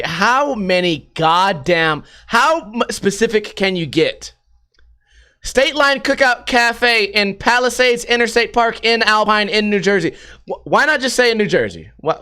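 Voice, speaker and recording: A man's voice: high-pitched, pushed and bright, clear, resonant tone. A man hosting a podcast, riffing casually on news stories, swearing freely and laughing often. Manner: profane and joking, laughs often. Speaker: podcast host.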